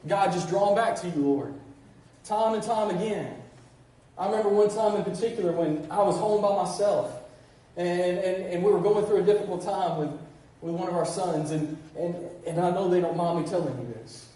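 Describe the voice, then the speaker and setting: A man's voice: high-pitched, moderate pace, warm tone. Man preaching in a very echoey church. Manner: preaching with repeated "church" call-outs and restarts. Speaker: pastor. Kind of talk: sermon. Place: church sanctuary. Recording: very echoey, distant church recording with faint noise.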